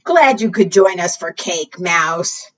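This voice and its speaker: A woman's voice: lowish voice, lively intonation, slow. A woman voicing a sly, mock-polite male dog from a picture book. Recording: distant, dull lo-fi sound.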